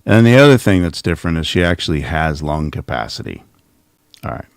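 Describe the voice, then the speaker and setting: Deep gravelly man mocking clips. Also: big pitch swings, a little fast, no room sound, studio quality. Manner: mocking, sarcastic, thinks aloud with restarts. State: coughing. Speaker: host reacting to clips. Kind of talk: casual commentary.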